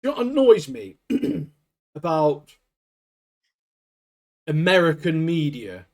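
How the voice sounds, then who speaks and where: A man co-hosting a podcast in easy, profane chat. His voice sits a little high for a man, and he rants with lively energy and frequent laughs. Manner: animated ranting, laughs often, swears freely. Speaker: podcast co-host. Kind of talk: casual chat.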